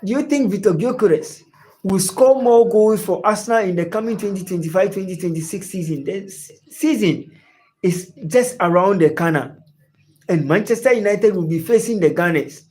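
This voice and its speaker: Man, high voice, live-stream football host, repeats himself, calls viewers by name. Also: moderate pace, a little mellow. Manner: talks straight to viewers by name, repeats phrases. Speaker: sports show host.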